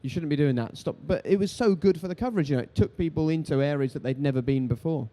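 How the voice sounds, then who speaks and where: A quick, animated man in his thirties tells stories on a live event stage. His voice is dark and mellow, and he acts out the voices of people in his anecdotes. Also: a little high. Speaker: TV sports presenter, interviewed guest. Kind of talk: lively anecdotal storytelling on stage.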